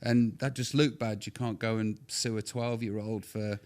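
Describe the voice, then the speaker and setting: A middle-aged man, chatting as a podcast guest, rambling with quick restarts and bursts of excitement. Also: fairly low pitch. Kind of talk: casual podcast interview.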